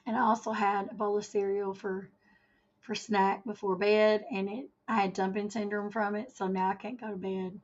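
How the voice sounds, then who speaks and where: A woman's voice: medium pitch, flat delivery, moderate pace, dull audio. A woman hosting a casual home livestream, chatting and reading news headlines aloud. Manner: chatty, reads headlines aloud, laughs often. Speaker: livestream host. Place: home, indoors.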